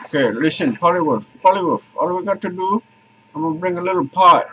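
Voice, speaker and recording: A man's voice: high-pitched, a little fast, a bit bright, a little hiss or hum, rough recording. A man chatting casually in a family vlog, playful and prone to sing-song repetition, outdoors by a forest stream. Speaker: family vlogger.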